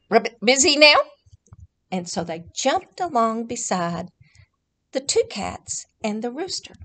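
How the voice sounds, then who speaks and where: A woman leading a children's story time, reading a picture book aloud, counting along and talking directly to the children. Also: fairly high pitch. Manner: warm, sing-song, addresses children directly, counts along.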